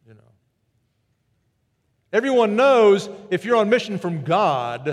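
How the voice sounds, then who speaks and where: A man preaching a sermon, animated and storytelling, who jumps his pitch up high to act out quoted greetings. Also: moderate pace, in a large hall. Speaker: pastor.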